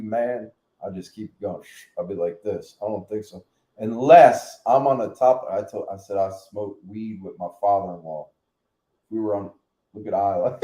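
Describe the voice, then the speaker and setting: A man hosting a casual live-stream chat, joking and slangy with loud whoops. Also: lowish voice, moderate pace, echoey room. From United States. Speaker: vlog live stream host.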